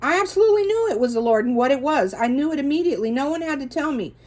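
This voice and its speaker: Middle-aged woman, slightly high voice, earnest rambling testimony host. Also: lively intonation, rapid-fire, darkish tone. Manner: earnest, rambling, with self-corrections. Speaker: religious video host. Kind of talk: casual testimony monologue.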